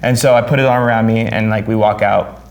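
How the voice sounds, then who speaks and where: A man hosting a podcast who tells a story in casual chat, swearing freely and loudly acting out what people said. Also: on the low side, fast talker. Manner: animated, swears freely, acts out quotes loudly. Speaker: podcast host.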